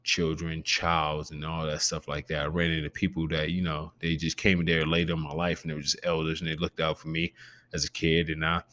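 Very deep gravelly man, rambling podcast chat. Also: completely flat delivery, brisk, bright, forceful tone. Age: adult with a preteen nephew. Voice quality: gravelly growl in the voice. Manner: loose and profane, rambling. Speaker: podcast host. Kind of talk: casual solo podcast chat.

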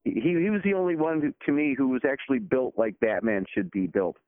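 Guest on a tinny phone line, rambling storyteller, dry. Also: male voice, mid-range voice, fairly quick, no room sound. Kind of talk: casual chat over a phone call.

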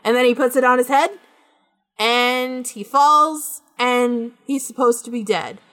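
Animated, swearing woman podcast co-host. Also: fairly high pitch, unhurried. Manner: animated, profane ranting. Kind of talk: casual chat.

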